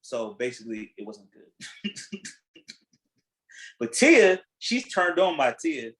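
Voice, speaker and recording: A man hosting a podcast in casual chat, retelling a reality show in a blunt, animated way, acting out what people said and swearing freely. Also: a little high, slow pace, rough recording. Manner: animated storytelling, acting out quotes. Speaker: podcast host.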